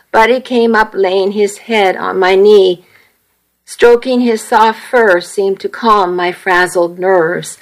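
A woman reading a first-person romance story aloud in a steady, measured way. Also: mid-range voice, low-quality recording.

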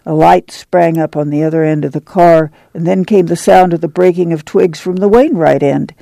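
A man narrating an audiobook at a steady, measured pace. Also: fairly high pitch, creaky, dry recording, low-quality recording.

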